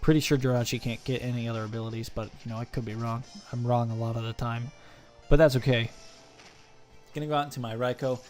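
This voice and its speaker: A man's voice: mid-range voice, steady tone, fast talker, darkish tone. A young man narrating an online game battle in a joking, self-mocking play-by-play voice-over. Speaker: gaming channel host. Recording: faint music behind.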